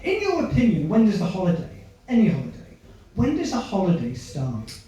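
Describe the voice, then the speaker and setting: A man performs stand-up, bantering with people in the crowd. His voice sits high. The sound is caught from off the stage in a very echoey club. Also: huge pitch swings, brisk, mellow, far from the mic. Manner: chatty, chases audience members with questions. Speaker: stand-up comedian. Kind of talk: stand-up set with crowd work.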